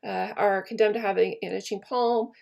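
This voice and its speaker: A woman reading aloud the part of a stern, high-minded Roman conspirator in a plain, unaccented voice. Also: steady tone, normal speed, gravelly, a little mellow. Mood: reproachful. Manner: plain read-aloud of verse, no accent put on.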